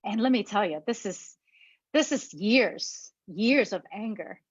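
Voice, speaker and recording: A woman's voice: mid-range voice, lively intonation, no room sound, dull audio. Emotional woman holding back tears. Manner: halting, repeats words, near tears. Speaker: speaker. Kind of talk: emotional personal talk.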